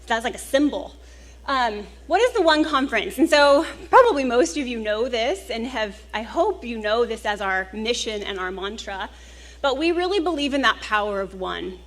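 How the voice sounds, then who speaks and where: Emotional woman opening a conference. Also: medium pitch. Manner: warm, earnest and emotional, with small laughs. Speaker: conference host. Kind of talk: welcome speech to a live audience. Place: conference hall.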